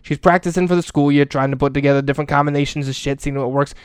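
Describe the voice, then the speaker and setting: A man's voice: fairly high pitch, steady tone, very fast, clear, resonant tone, dry recording, studio quality. A middle-aged man doing a comedic monologue as a school janitor, ranting and rambling crudely with constant swearing. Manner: crude, profane, rambling rant.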